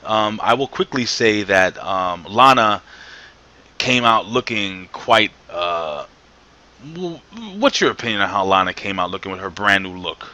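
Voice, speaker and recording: An opinionated man co-hosting a wrestling review in a casual chat. His voice sits fairly low but comes across bright and forceful. He is full of fillers and quick restarts.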